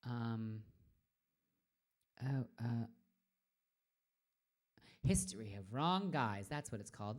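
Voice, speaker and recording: A woman's voice: extremely low pitch, expressive, slow pace, pauses often. Rambling woman in her forties. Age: 40s. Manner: rambling, trails off into murmurs and whispers. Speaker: drag performer hosting a live stream. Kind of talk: casual live-stream chat.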